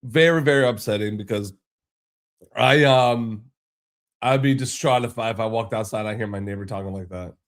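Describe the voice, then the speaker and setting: A man's voice: on the low side, moderate pace. A man hosting a reaction video, talking loosely with lots of fillers and restarts as he comments on a clip. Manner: rambling, full of fillers and restarts. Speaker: commentary host.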